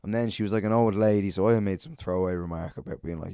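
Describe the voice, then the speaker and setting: Deep-voiced man telling a rambling story. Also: steady tone, quick pace, hardly any pauses, dark tone, dry recording, studio quality. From Ireland. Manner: profane, rambling anecdote with acted-out quotes. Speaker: podcast host and stand-up comedian. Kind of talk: casual solo podcast storytelling.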